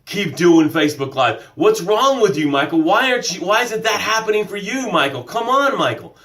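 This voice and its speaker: A man doing a nagging inner critic that needles and belittles, pitched well above his usual voice and swooping up high. It keeps scolding and accusing in a taunting, doubting tone, as the speaker puts it on during a live-streamed motivational talk. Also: very animated, normal speed, a bit bright.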